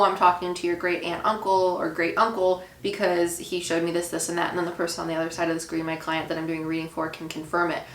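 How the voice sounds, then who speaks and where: A woman medium talking casually over a reaction video, musing and hesitant, with many fillers. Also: on the low side. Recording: echoey room with faint noise.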